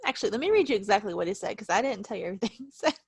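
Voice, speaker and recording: A woman's voice: medium pitch, expressive, racing, creaky, breathy edge, dry recording. A young woman co-hosting a podcast, chatting casually and animatedly, swearing and laughing often. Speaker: podcast co-host. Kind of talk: casual chat.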